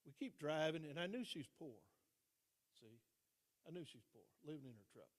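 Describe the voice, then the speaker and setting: An older man, a retired teacher and coach, telling stories as a guest speaker, with dramatic pauses and repeated phrases for emphasis. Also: on the high side, expressive. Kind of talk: motivational storytelling speech. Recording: long reverb in a large hall.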